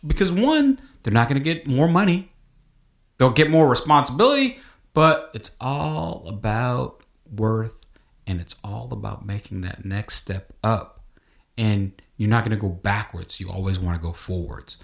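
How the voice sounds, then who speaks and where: A man hosting a casual motor racing podcast, talking in an animated way that rises to exclaiming rants. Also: on the low side, measured pace, creaky. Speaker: podcast host. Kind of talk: casual sports podcast chat.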